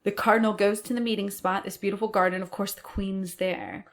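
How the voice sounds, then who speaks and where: A woman co-hosting a podcast, telling a history story in a casual, animated way, acting out quotes and swearing now and then. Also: medium pitch, a little fast. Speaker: podcast co-host.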